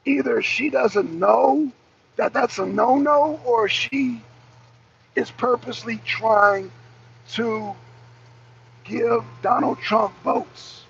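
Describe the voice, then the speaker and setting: On a political livestream, a woman host with a somewhat high, creaky voice keeps hammering the same questions and replies to viewers in the chat. She is emphatic and repeats rhetorical questions. The stream audio is dull and lo-fi with faint noise.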